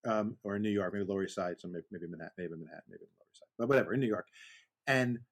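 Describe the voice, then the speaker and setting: A man's voice: on the low side, very fast, husky. A man co-hosting a podcast, telling stories that wander and correct themselves. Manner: digressive, self-correcting storyteller. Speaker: podcast co-host. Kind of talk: casual chat.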